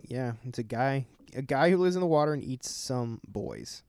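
A man's voice: mid-range voice, expressive, moderate pace, a little mellow, clean tone, no echo. A man co-hosting a podcast in a casual, wisecracking way. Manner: dry, wisecracking. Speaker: podcast co-host. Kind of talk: casual comedic chat.

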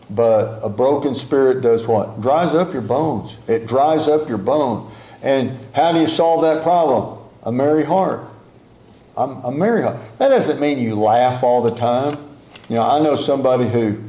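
A male pastor gives an unhurried sermon in a warm, mellow voice. He talks to the congregation like a conversation, repeats key phrases and stops to correct himself. The voice rings out in a roomy church hall. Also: mid-range voice. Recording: echoey room.

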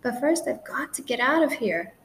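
A woman's voice: sits high, lively intonation, moderate pace, slight background noise. A woman voicing a worried, loyal male puppy in a storybook reading. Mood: urgent. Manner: urgent, anxious.

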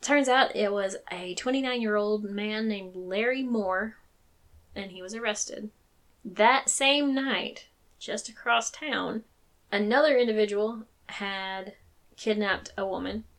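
A woman's voice: medium pitch, steady tone, unhurried. A woman hosting a true crime podcast in casual chat, swearing freely and turning firm and emphatic when she gets angry. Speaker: podcast host.

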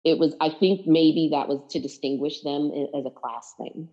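Woman, low voice, mellow, slightly dull recording, casual chat, frank. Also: fairly even intonation, moderate pace. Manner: chatty, frank, corrects her partner.

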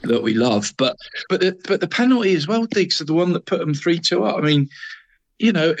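A man's voice: fairly high pitch, expressive, normal speed. A man, co-hosting a casual football chat, rambling on and calling his co-host mate constantly.

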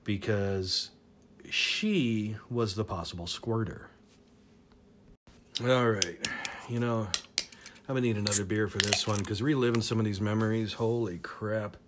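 A man's voice: fairly low pitch, steady tone, a little slow, pauses often, background noise. A man in his thirties hosting a talk show, telling a personal dating story in a crude, rambling way, full of profanity and laughing at his own tale.

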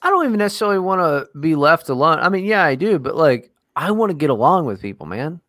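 A man's voice: fairly high pitch, big pitch swings, fast, a bit bright, no echo, studio quality. A man co-hosting a podcast, ranting in a casual, profane and exasperated way. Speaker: podcast co-host.

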